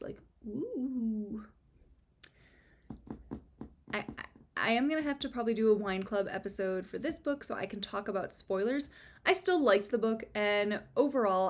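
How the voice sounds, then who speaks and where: A young woman giving a casual, chatty book review, with sarcastic asides and frequent fillers. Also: a little high.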